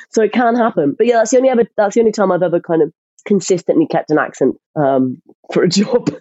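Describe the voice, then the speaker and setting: An actress chatting as a guest in an interview, telling lively stories with lots of restarts. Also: female voice, mid-range voice, quick pace, no room sound, muffled recording. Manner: animated storyteller, frequent restarts. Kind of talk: casual interview chat.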